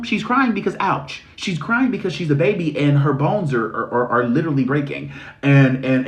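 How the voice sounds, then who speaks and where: Profane preachy man, roomy echo. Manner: blunt, heavy swearing, preachy rhetorical questions; animated, swings into mocking high-pitched voices. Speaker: spiritual reader and live-stream host. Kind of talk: profane motivational live-stream rant.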